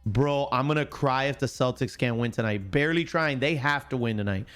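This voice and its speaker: A man's voice: medium pitch, brisk, a bit bright, soft background music. A man hosting a casual live-stream sports show, chatting straight to his viewers and making confident, emphatic predictions.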